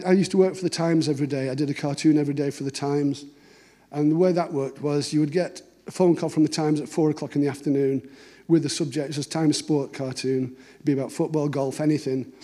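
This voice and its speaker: A middle-aged man tells stories in a relaxed, anecdotal way. His voice sits a little high but has a dark, mellow tone. He slips into the voices of the people he quotes. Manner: conversational, anecdotal, acts out dialogue. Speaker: cartoonist giving a talk. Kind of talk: storytelling talk.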